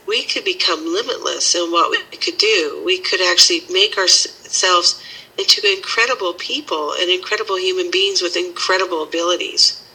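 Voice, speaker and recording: A woman teaching a healing method and leading a slow, soothing guided meditation. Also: lowish voice, sharp tone, husky, rough recording. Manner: slow, soothing guiding instructions.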